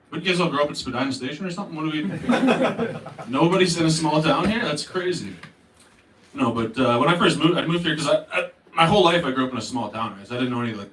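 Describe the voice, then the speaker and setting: A man's voice: medium pitch, a bit bright, slight background noise. A young Canadian man from Northern Ontario doing a crude, casual stand-up comedy set and chatting with the crowd. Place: comedy club stage. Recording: roomy club sound from a distance. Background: audience laughter.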